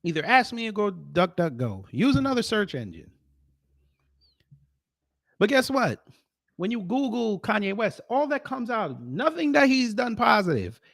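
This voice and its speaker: A man hosts casual reaction commentary and talks straight to his viewers. His pitch rises and falls a great deal as he moves from loud emphatic lines to quiet muttered asides. The sound is close and dry, with no room around it. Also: very animated, measured pace, vocal fry, long pauses, no echo. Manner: addresses viewers directly as folks. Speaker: commentary host.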